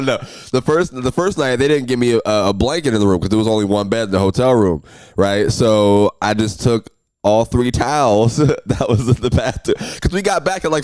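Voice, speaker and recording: A young man hosting a solo podcast, telling road stories in an animated, ranting way that jumps high and loud when he gets worked up. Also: clear, resonant tone, dry recording. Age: young adult. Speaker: podcast host.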